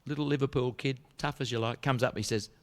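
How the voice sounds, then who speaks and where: A man telling jokes on stage in a relaxed, chatty storytelling manner. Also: medium pitch, fast. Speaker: comedian. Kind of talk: stand-up joke telling.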